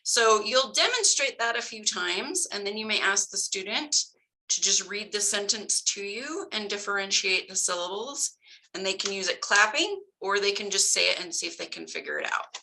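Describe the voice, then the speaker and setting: A woman's voice: medium pitch, expressive, normal speed, bright, forceful tone, rough recording. A woman explaining phonics patiently, step by step, with examples for tutors. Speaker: tutor trainer. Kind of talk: instructional talk.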